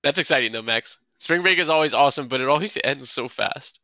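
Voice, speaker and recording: Young male co-host, gravelly, sharp tone, dry close sound, teasing wit. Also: mid-range voice, a little fast, no room sound. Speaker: podcast co-host. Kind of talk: casual chat.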